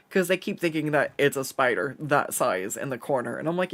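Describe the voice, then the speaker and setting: An artist streaming a drawing session chats casually as he draws, telling rambling stories full of fillers and laughs. His voice is a little high with lively intonation and a fairly bright tone, at a measured pace broken by long pauses.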